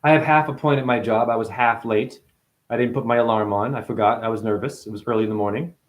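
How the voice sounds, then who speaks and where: A man in chronic pain delivering a rambling, free-associating spiritual monologue, swearing often and swinging between loud outbursts and low mutters. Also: fairly even intonation, fast talker. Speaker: spiritual talker.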